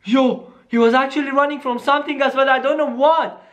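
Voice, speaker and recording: A vlogger in a staged scary phone-call skit, excitable and talking straight to viewers, dropping into hushed tones at times. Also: high-pitched, fairly quick. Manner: excitable, keeps saying "guys", drops to hushed tones.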